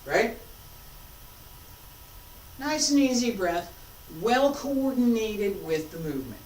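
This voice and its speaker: A woman teaching a martial arts class, calmly coaching breath and movement and repeating cues. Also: on the high side, slow, pauses often. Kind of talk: class instruction while practicing. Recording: roomy, from a distance with faint noise.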